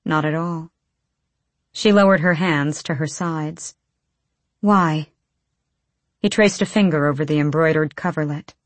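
A woman narrating a fantasy audiobook in a measured, low-key storytelling manner. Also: no echo.

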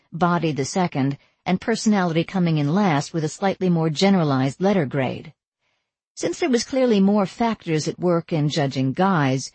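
A woman narrating a first-person audiobook in an even storytelling voice with wry asides. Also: on the low side, husky, dry recording.

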